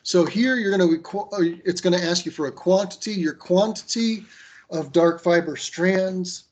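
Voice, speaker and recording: A man with a slightly higher voice presents a training session over a video call. He talks in a loose, conversational way, full of fillers and restarts, and he gives firm advice. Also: normal speed, darkish tone, a little hiss or hum.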